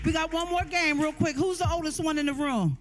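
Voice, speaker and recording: A woman emceeing a community event, hyping the crowd with energetic call-and-response and running games. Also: sits high, a little fast, music in the background. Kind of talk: crowd hype and game hosting. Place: large event room with tables.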